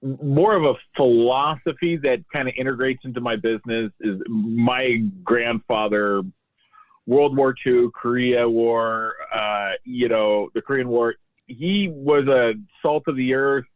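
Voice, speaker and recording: A man's voice: mid-range voice, a little slow, no room sound. A man, a podcast guest, telling a reflective personal story in casual conversation. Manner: reflective, quotes voices in anecdotes. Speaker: podcast guest, tax advisor. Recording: dull lo-fi dry sound.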